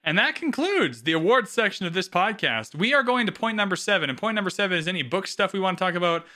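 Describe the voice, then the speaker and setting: Guy cohosting a podcast, really bright voice, opinionated and swears a lot. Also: high-pitched, fast talker. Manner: animated, opinionated, swears freely. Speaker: podcast co-host. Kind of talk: casual podcast chat.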